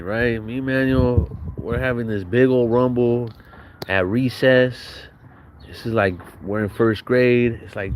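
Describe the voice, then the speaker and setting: A young man from Southern California telling profane, slang-heavy stories from his childhood in a casual way. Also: fairly low pitch. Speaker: vlogger. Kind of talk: casual storytelling. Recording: noisy recording.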